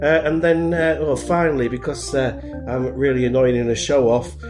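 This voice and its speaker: A man's voice: mid-range voice, fairly even intonation, moderate pace. A man with a Humber English accent and a stuffy voice from hay fever, chatting in a rambling, self-mocking way. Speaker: podcast contributor. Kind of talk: casual chat. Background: music.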